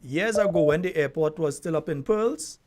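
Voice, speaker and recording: A man with a Grenadian accent hosting a call-in radio show, telling stories with lively, easy laughter. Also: on the high side, normal speed. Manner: lively storyteller, laughs easily.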